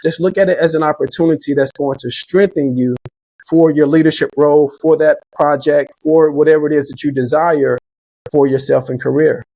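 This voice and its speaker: Earnest man, fairly high voice. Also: steady tone, a little fast, darkish tone. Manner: reflective, faith-driven, repeats words when starting sentences. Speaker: podcast guest. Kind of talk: earnest conversational storytelling.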